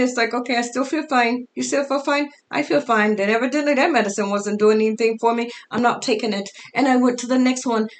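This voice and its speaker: A middle-aged woman telling her own story in a halting, casual way, her speech altered so that it sounds foreign. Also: on the high side. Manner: halting, with fillers and restarts. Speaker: storyteller sharing her life.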